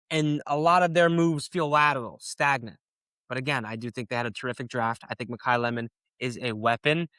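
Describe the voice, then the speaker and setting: A tired young man hosting a casual sports talk show, ranting with lots of swearing and growing animated when annoyed. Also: mid-range voice, no echo. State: tired late at night. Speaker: sports podcast host.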